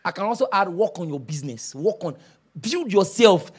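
Lively high-voiced male preacher. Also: normal speed, slightly rough. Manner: animated storytelling, shouting and laughing. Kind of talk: sermon.

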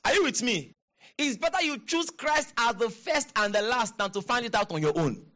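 A man's voice: extremely high pitch, expressive, moderate pace, pushed and bright. A man preaching a sermon, reading scripture aloud and breaking off into emphatic exclamations and call-and-response with the congregation. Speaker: pastor.

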